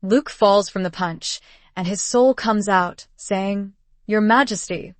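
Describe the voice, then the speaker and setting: A woman's voice: mid-range voice, slow pace, no room sound. Woman reading a manhwa recap. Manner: reads all characters' lines in the same flat narrating voice. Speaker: narrator.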